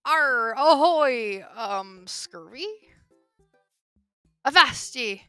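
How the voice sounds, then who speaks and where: A goofy, play-acting dad bellowing hammy pirate talk in a dating game, as a woman puts him on. The voice is bright and sharp, with a smooth, crisp tone, and it sits a little high for a man. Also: lively intonation, drawn-out words, no room sound, studio quality, faint music behind, heavily acted. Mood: playful.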